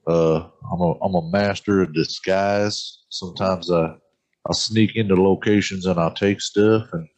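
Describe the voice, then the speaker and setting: A cocky Louisiana rogue, put on by a man for a tabletop game, rambling and drawling without a care. His voice sits low and deep. He sounds pleased with himself. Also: fairly even intonation, a little slow, darkish tone. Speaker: player. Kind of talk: in-character introduction.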